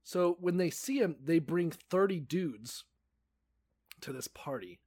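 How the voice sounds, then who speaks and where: Young guy, gravelly and lively, sarcastic and sweary, dry close mic. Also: a little high, slow, no room sound. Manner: profane, sarcastic, puts on voices for characters. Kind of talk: casual podcast chat retelling a Bible story.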